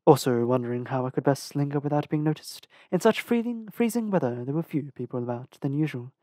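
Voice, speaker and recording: An audiobook reader narrating a novel in a measured, careful way, with the occasional small restart. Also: medium pitch, animated, mellow, no room sound, studio quality. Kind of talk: storybook narration.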